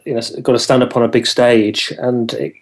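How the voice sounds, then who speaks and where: A man's voice: medium pitch, little pitch movement, normal speed. A man hosting an interview, asking friendly, encouraging questions with a lot of hesitant fillers. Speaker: podcast host.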